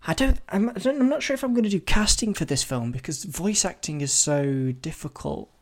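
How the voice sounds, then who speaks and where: A man's voice: high-pitched, animated, brisk. A man hosting a solo podcast, rambling and self-deprecating as he thinks aloud with many restarts. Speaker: podcast host. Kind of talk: solo casual podcast brainstorming.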